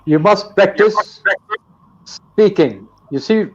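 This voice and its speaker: An older man from Pakistan lectures slowly and carefully, spacing out each phrase. His voice sits a bit high for a man and comes through dull, lo-fi live stream audio. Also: lively intonation, darkish tone. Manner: slow, deliberate, lecturing. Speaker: guest teacher. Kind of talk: live online English lesson.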